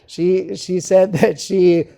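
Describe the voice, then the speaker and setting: Gravelly-voiced man telling patient stories. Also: high-pitched, flat delivery, slow, dark tone. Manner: storytelling, keeps adding "okay?". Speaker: dentist guest. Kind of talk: conversational interview.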